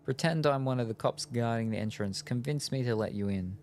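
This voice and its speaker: Give me a man doing a gravelly, brusque vampire informant from a video game. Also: mid-range voice, a little fast, darkish tone, slight background noise, lightly acted. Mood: gruff. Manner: brusque, teasing. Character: gruff streetwise male vampire informant.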